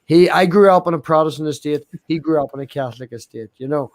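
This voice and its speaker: A man's voice: fairly high pitch, quick pace, darkish tone, dry recording. A middle-aged man, joking crudely in casual podcast chat.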